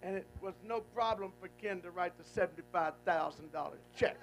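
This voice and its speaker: A man's voice: high voice, brisk, slight background noise, rough recording. A man preaching a folksy, call-and-response sermon, emphatic and repetitive. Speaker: guest preacher.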